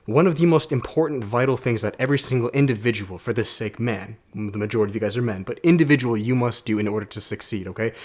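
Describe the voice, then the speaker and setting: A young man, a self-development vlogger, talking casually to camera in a quiet condo room, telling a story with energy and slang. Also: lowish voice.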